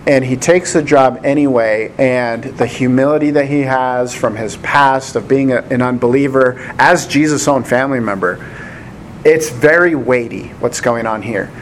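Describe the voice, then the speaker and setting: A man's voice: mid-range voice, normal speed, slight background noise. An American man giving a casual Bible teaching, chatty and rambling, with frequent laughs. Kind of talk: casual sermon with anecdotes.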